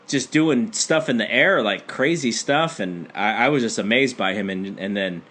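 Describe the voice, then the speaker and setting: A man chatting on a wrestling podcast, his voice bright and a little tense. He tells a long story loosely, stumbling over his openings and restarting them as he goes. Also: fairly low pitch, normal speed. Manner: rambling storyteller with many restarts. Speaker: podcast co-host. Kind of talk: casual chat.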